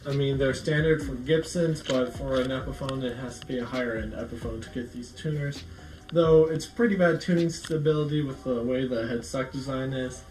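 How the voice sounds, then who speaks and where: A man's voice: mid-range voice, moderate pace, darkish tone, slight background noise. A man casually showing off a guitar, rambling with fillers and restarts as he talks. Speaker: guitar vlogger. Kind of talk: casual show-and-tell. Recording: echoey room, faint music.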